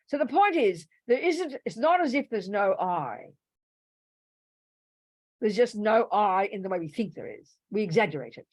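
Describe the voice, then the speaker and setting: A woman teaching Buddhist philosophy to a live class, animated, swinging from loud emphatic bursts to soft asides and acting out little quoted voices. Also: on the low side, no room sound. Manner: acts out little quoted voices to make a point. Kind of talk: dharma talk to a live class.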